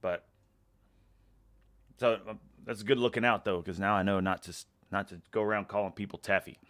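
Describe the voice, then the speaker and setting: This Texan man in his thirties, from the USA, speaks at a moderate pace with a fairly low, slightly bright voice and fairly even intonation. Reading out viewer comments during a casual live stream, he wanders from thought to thought, laughing often and drifting off mid-sentence in an easygoing way.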